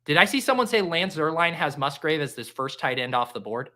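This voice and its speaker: A man hosting a live stream, making casual commentary full of jokes and quick exclamations. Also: a little high. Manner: animated, joking, quick exclamations. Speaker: livestream host.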